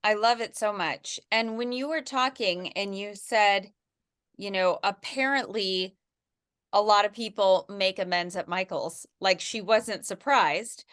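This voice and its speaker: A woman's voice: medium pitch, measured pace, fairly bright tone, clear, resonant tone, dry recording, studio quality. A woman hosting a chat podcast, enthusiastically riffing on ideas with her guests. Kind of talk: casual chat.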